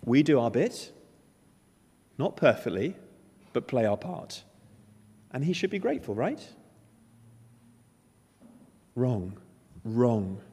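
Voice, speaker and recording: A man's voice: medium pitch, big pitch swings, unhurried, pauses often, warm tone, breathy edge. A man preaching a sermon, emphatic and storytelling, acting out the characters' lines. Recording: long hall reverb.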